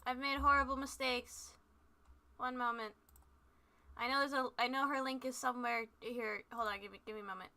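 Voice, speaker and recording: A woman's voice: fairly high pitch, fairly even intonation, moderate pace, bright, forceful tone. A woman streaming a game, chatting casually in a bubbly, scatterbrained way and joking at herself. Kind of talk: casual live-stream chat.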